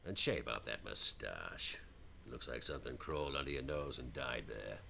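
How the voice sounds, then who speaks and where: Big Joel, a gravelly bossy club owner. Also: male voice, extremely low pitch, moderate pace, pushed and bright, a little hiss or hum, full character voice. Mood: scornful. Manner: contemptuous, barking orders. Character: gruff bossy male nightclub owner.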